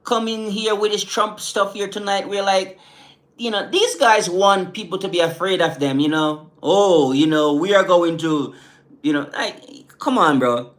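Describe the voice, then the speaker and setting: This livestream host is a middle-aged Caribbean man whose high-pitched, fairly bright voice moves at a measured pace. Easygoing and speaking with an island accent, he chats with viewers and keeps tossing in "man" and "you know."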